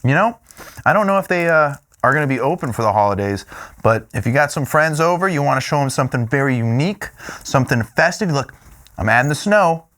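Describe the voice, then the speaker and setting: Excitable man tasting food. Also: on the high side, a little fast. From Louisiana, US. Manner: playful, excitable, lots of hums of delight. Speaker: food show host.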